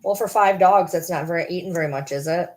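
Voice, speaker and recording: A woman's voice: fairly low pitch, fast, darkish tone. A woman vlogger at home, chatting casually and teasing her dogs with baby talk.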